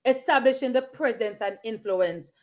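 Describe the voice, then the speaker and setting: Fervent woman preaching, high lo-fi voice. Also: moderate pace, a little mellow. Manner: fervent, punctuated with hallelujahs and praise. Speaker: Bible study leader. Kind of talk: sermon with personal testimony. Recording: lo-fi recording.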